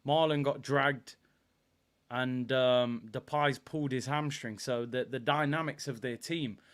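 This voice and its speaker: A young man hosting a live football watchalong, chatting casually with viewers and bursting into excitement. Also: medium pitch, a little slow, clean tone. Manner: animated, banter with chat, bursts of excitement.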